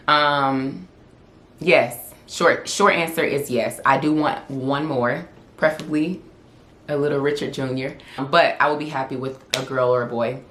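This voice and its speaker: Low-voiced chatty woman. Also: fairly even intonation, a little slow, a bit bright, slight background noise. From Southern United States. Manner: chatty and candid, laughing often. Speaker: vlogger and influencer. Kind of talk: casual Q&A vlog. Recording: echoey room.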